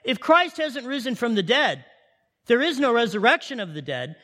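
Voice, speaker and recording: A man preaching an Easter sermon, telling a story with animated delivery and repeating key lines for emphasis. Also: very high voice, normal speed, in a large hall. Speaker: pastor.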